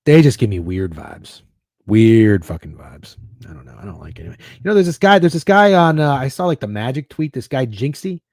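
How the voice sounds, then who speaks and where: A man's voice: mid-range voice, a little mellow, no room sound, clean studio sound. A man hosting a sports betting stream, chatting casually in a rambling, profane, sarcastic way. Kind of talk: casual livestream chat.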